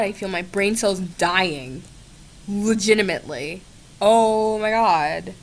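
Speaking slowly in a mid-range voice, a young woman records a casual video at home on her laptop. The gaming creator swears freely while teasing a chatbot in a giggly, sarcastic, mock-fed-up tone.

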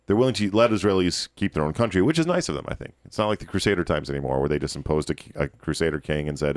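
A man hosting a podcast, giving animated, opinionated commentary with frequent restarts. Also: low voice, dry recording, studio quality. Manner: animated, ranting, quick restarts. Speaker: podcast host.

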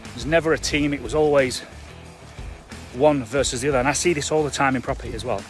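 A man's voice: mid-range voice, steady tone, fast, soft background music. A man giving a blunt, emphatic live-stream coaching talk to property investors, chatty and full of fillers. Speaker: construction trainer for property investors.

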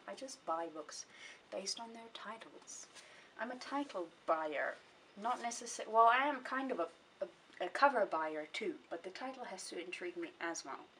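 A woman's voice: medium pitch, a bit bright. A young woman vlogging about her books in a rambling, chatty way, often correcting herself mid-sentence. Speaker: book vlogger. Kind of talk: casual chat. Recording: voice a bit distant from the mic, faint hiss.

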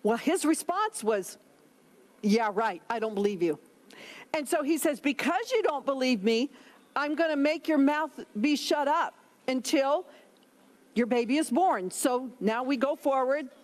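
A woman's voice: high voice, animated, a little slow. A woman pastor preaching a sermon, emphatic, reading scripture aloud between her own words.

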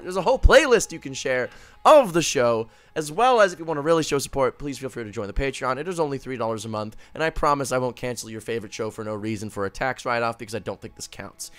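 A man running a tabletop game as dungeon master, excitable and quick to laugh. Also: medium pitch.

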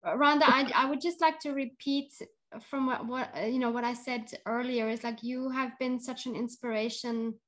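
A woman's voice: a little high, steady tone, moderate pace, fairly bright tone. A woman hosting a podcast, talking in an earnest, emotional way with frequent restarts. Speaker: podcast host. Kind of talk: heartfelt casual chat.

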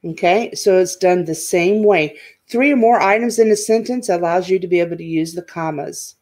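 A woman's voice: fairly low pitch, normal speed, darkish tone. Woman, elementary teacher, board lesson, patient, repeats key points, checks in often.

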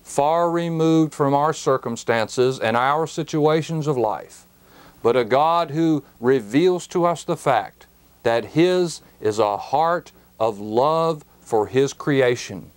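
A man teaching scripture on a broadcast program, speaking at an unhurried, measured pace. His pitch sits in a middle range, and he leans hard on the key words as he explains them. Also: lively intonation, clear, resonant tone. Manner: slow, deliberate, emphatic on key words. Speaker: Bible teacher.

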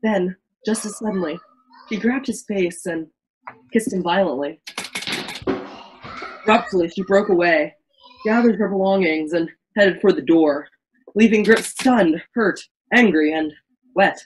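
A woman's voice: fairly low pitch, unhurried, pauses often, a little hiss or hum, poor audio. Woman narrating a campy virtual play. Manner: melodramatic reading with frequent slips and restarts.

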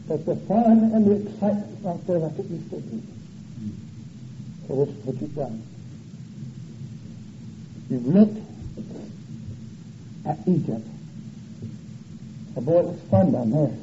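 A man preaches a revival sermon with a very high, strained voice. He is folksy and animated and swings from loud to soft. The sound is an echoey church sanctuary on dull, muffled old tape. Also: unhurried, pauses often, slight background noise.

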